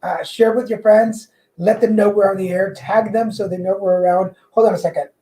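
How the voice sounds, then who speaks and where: A woman with a slight Mexican accent, hosting a livestream tarot show and chatting casually and excitedly to viewers, often restarting her sentences. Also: medium pitch, brisk, poor audio. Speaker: livestream tarot reader host. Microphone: corded mic.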